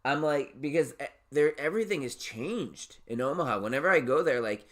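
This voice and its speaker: A man from Nebraska hosts a loose, casual podcast conversation at an ordinary mid pitch. He rambles through stories, piling on fillers and swear words and laughing often. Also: animated, brisk, a bit bright. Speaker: podcast host.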